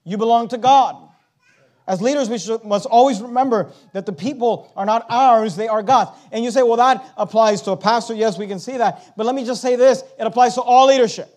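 A middle-aged man, a pastor preaching a sermon, swinging between soft confiding talk and loud emphatic lines. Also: extremely high pitch, fairly quick.

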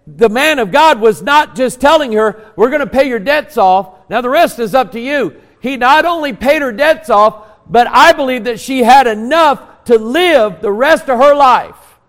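A man preaching a sermon to a congregation, building to emphatic peaks and dropping to quiet, earnest prayer. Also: very high-pitched, animated, moderate pace, in a large hall. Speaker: pastor. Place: church sanctuary.

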